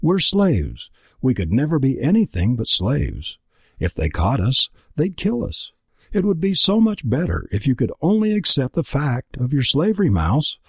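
A man voicing a gentle, resigned young female slave in a storybook reading, speaking softly. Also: mid-range voice, huge pitch swings, moderate pace, slightly rough, no room sound, clean studio sound, pitched above the performer's own voice, exaggerated voice. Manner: soft, hushed pleading.

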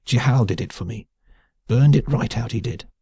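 A man voicing a frail, cackling old prisoner with a raspy voice in an audiobook. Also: medium pitch, moderate pace, mellow, no room sound, clean studio sound, voice pushed up. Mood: boastful. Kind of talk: audiobook character voice.

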